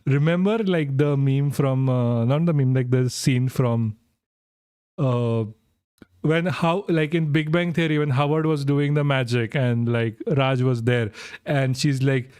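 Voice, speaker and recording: A young man streams himself reacting to a clip, giggling, swearing, and laughing through his words as he chats casually with viewers. His mid-range voice is smooth and a little mellow, his pace unhurried, and the studio sound is clean with no echo.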